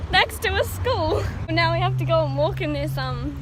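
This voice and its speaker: Young woman, high voice, rambling giggly storytelling, outdoor vlog, loud street noise. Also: lively intonation, moderate pace. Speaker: vlogger. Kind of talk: casual vlog chat. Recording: noisy street recording.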